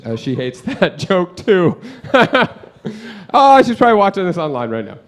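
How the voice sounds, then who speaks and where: A young man doing a stand-up set in a comedy club, rambling and self-deprecating, with lots of "like" and quick asides to the crowd. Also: sits high, big pitch swings. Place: comedy club with live audience.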